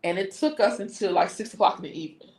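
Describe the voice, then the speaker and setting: Animated, profane woman storyteller, echoey room. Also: medium pitch, quick pace. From Washington, D.C. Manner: animated, profane storyteller who acts out quotes. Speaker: host. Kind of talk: casual storytelling on a live stream.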